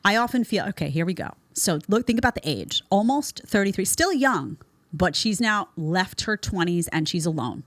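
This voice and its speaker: A woman's voice: medium pitch, very animated, normal speed, dry recording. A woman host giving a blunt, sarcastic commentary monologue, mocking the people she talks about with put-on voices. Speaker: show host.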